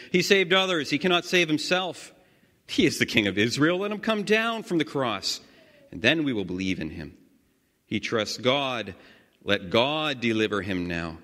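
A man leading a guided scripture meditation, reading slowly and earnestly with sudden swells of emphasis. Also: on the low side, bright, forceful tone. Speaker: prayer leader. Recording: long hall reverb.

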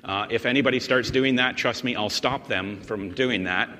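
A male pastor delivers an explanatory sermon at a mid-range pitch, pressing his points with emphasis. He often restarts and doubles words as he goes. His voice rings with a long reverb in a big church hall. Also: normal speed, pushed and bright, slight background noise.

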